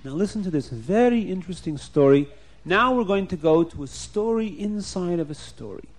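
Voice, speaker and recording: A man's voice: high-pitched, lively intonation, moderate pace. A man telling a story to children, speaking directly to his young listeners with playful rhyming asides.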